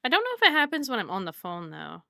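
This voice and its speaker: A Southern US woman streams herself drawing, chatting casually, rambling and laughing often. Her slightly high voice swings hugely in pitch, moves fast with vocal fry, and sounds bright and forceful. The recording is dry and studio quality.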